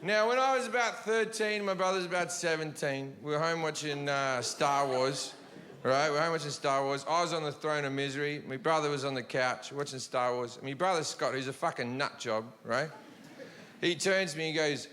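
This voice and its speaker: A man's voice: fairly high pitch, brisk, fairly bright tone. A man doing stand-up, telling a story in a profane, rambling way full of restarts. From Australia. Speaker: stand-up comedian. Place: large comedy venue with audience. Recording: live hall reverb, audience noise.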